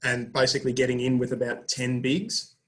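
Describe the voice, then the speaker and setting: Flat-voiced man telling a poker story. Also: mid-range voice, brisk. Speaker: poker group member. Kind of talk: casual chat on a video call. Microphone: video call.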